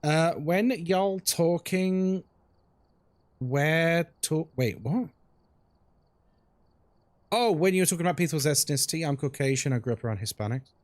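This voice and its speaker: A young man streams a game live and chats loosely with viewers. His voice sits a little high and swings widely in pitch as he reacts. The talk is relaxed and conversational. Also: measured pace, long pauses, no room sound. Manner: chatty, reads chat aloud and reacts to the game. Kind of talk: casual live-stream chat while gaming.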